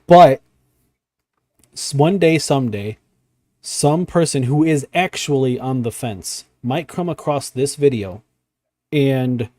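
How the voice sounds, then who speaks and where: Guy hosting a chill reaction chat, mellow voice, dry close sound, lots of ums and restarts. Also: medium pitch, slow, pauses often, dry recording. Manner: rambling, many fillers and restarts. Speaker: podcast host.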